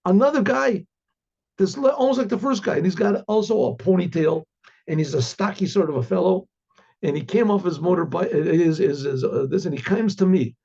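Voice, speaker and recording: Rabbi storyteller, male, fairly high, dark husky tone, loose rambling delivery, muffled lo-fi recording. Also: a little fast. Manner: rambling, many fillers and restarts, frequent throat clearing. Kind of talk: casual spoken storytelling.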